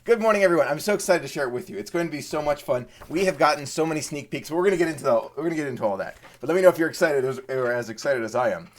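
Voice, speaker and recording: An eager man chatting casually on a live stream, often doubling up his words as he greets viewers. His voice sits a little high for a man. He is a host from Maryland. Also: expressive, very fast, hardly any pauses, slight background noise.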